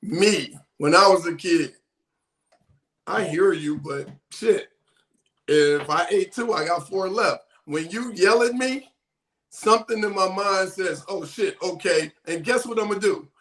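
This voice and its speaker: A man's voice: high-pitched, unhurried, a bit bright, reverberant. A man on a casual panel, telling stories in a blunt, emphatic way with swearing. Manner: emphatic, blunt, profane storytelling. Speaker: panel guest.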